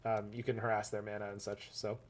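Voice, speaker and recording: A man casually commenting on his own card game matches, chatty and jokey, swinging between enthusiastic bursts and low mutters. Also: completely flat delivery, a little fast. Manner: chatty, rambling, jokey, laughs often. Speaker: gaming streamer.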